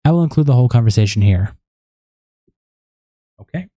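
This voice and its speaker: Male commentator, mellow voice, dry close sound, steady read-aloud delivery. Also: mid-range voice, brisk, no room sound. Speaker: online commentator. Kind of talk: reading messages and statements aloud.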